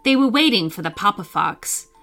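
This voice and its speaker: A woman narrating a bedtime story for children, reading slowly and expressively. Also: mid-range voice, animated, fairly bright tone.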